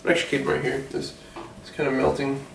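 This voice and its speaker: A man acts out a self-important film mogul who rambles and boasts, easily sidetracked and quick to get defensive. The voice sits at a middling pitch and is picked up from a distance, with a roomy echo around it. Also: completely flat delivery, vocal fry, a little hiss or hum, close to an everyday voice. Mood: rambling. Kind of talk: satirical mock interview.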